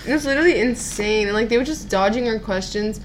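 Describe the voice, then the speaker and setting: A young woman co-hosting a casual chat, telling an animated story with frequent swearing and laughter. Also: fairly high pitch, fast talker, a little hiss or hum. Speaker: podcast co-host.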